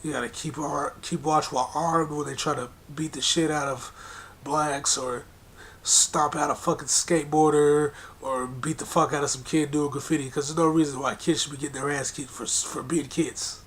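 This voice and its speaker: Brief: man, commentator, confrontational rant, profane and repetitive, voice sits a bit high, faint rumble behind. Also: fairly even intonation, normal speed, a bit bright. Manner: repetitive emphatic hammering of points. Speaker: political commentator. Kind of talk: monologue rant.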